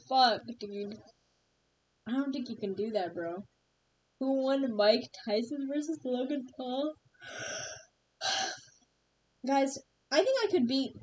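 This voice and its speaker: A young woman streamer reacting live to videos, excitable and slangy, swearing often and shrieking in disgust, with music playing behind her. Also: fairly high pitch, a little hiss or hum, poor audio.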